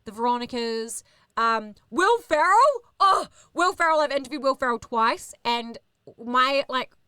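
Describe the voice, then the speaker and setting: A woman in her thirties with a New Zealand accent, a radio host telling animated, sweary backstage stories in casual chat. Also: high-pitched, unhurried, clean tone, dry recording, clean studio sound. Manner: animated, swears, acts out others in quoted voices. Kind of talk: casual storytelling.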